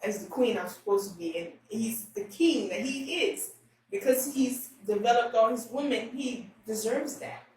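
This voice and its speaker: A woman's voice: a little high, a little mellow. Candid woman guest in an echoey room. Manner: emotional, halting, many restarts. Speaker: interview guest. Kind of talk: candid conversational interview. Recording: roomy echo, distant mic, faint room noise.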